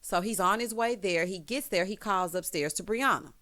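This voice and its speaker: A woman giving a casual, sassy recap of a reality TV episode, with animated asides. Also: medium pitch, moderate pace. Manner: sassy, animated, with frequent exclamations. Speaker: TV recap vlogger.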